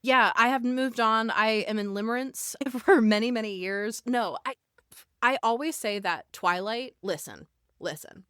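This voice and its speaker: A woman's voice: a little high, measured pace, a bit bright, smooth, dry recording, clean studio sound. Gushing woman podcast guest. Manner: gushing, emphatic, swears freely. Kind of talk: casual chat.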